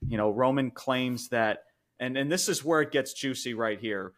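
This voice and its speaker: A man co-hosting a podcast, recapping a wrestling show in casual chat, excited and swearing freely with lots of fillers. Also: medium pitch, normal speed. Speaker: podcast co-host reviewing wrestling.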